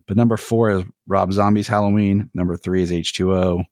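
Male podcast guest, low voice, dry sound, plain and matter-of-fact. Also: fairly even intonation, fairly quick, a little mellow, no room sound. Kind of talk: casual podcast chat.

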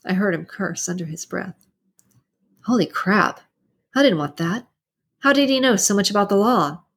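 A woman reading a novel aloud in the first person, steady and measured, and hosting her own reading channel. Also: mid-range voice, breathy edge. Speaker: book reader and channel host. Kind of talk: audiobook narration.

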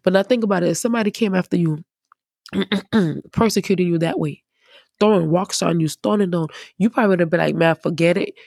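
A woman preacher giving casual, emphatic Bible teaching in a conversational, animated way. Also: on the low side, a little fast, gravelly, breathy edge, dry recording, studio quality.

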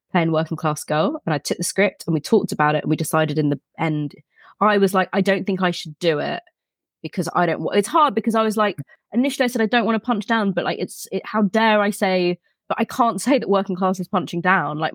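Lively English woman chatting. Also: lowish voice, dry recording, studio quality. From England. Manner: animated, chatty, quick to laugh and put on quoted voices. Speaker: podcast guest. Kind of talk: casual chat.

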